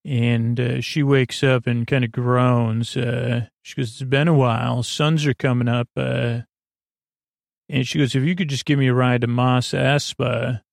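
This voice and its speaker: A man hosting a podcast, casually recapping a show episode in a halting way with many fillers and restarts. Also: mid-range voice, flat delivery, vocal fry, no echo, studio quality. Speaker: podcast host.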